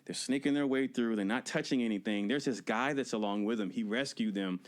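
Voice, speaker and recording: A man's voice: mid-range voice, fairly quick. A man on a podcast casually recapping a film scene, acting out the characters' lines, laughing and swearing as he goes. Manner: animated storytelling, acts out quotes, laughs and swears. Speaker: podcast co-host reviewing movies. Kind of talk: casual movie review chat.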